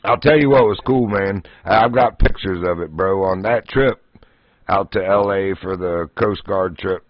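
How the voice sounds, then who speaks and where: A man's voice: deep voice, unhurried, no echo. A man hosting a livestream, telling casual stories in a folksy way and often laughing as he talks. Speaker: livestream host. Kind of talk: casual storytelling. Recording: dull, dry lo-fi stream audio.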